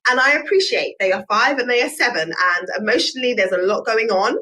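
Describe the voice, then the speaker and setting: A woman's voice: on the high side, fast talker, bright, forceful tone, rough recording. A woman, hosting a solo podcast in an earnest, reflective way with personal examples. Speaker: podcast host.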